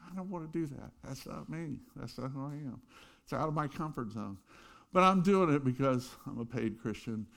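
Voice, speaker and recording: A middle-aged man preaching a sermon, telling stories with loud bursts and quiet asides. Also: mid-range voice, moderate pace, vocal fry. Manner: animated storytelling, swings between loud bursts and quiet asides. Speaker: pastor.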